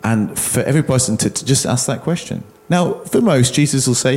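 A man's voice: mid-range voice, lively intonation, a little fast, a little mellow. A man preaching as a pastor, earnest and urging, often repeating words as he builds each point. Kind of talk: sermon appeal to a congregation.

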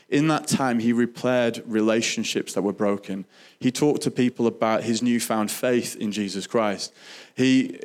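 Earnest man telling a testimony. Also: medium pitch. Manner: earnest, halting with frequent restarts. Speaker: Christian speaker sharing testimony. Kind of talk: personal testimony storytelling.

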